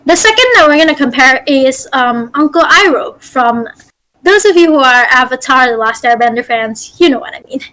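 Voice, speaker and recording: A woman's voice: sits high, animated, normal speed, pushed and bright, low-quality recording. A woman game master teaching a casual online voice acting workshop, chatty and full of fillers and restarts over a call mic.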